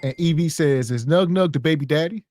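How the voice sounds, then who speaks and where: A man's voice: on the high side, fairly quick, darkish tone, a little hiss or hum. A man co-hosting a podcast, joking in slang and reading out chat comments. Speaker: podcast co-host.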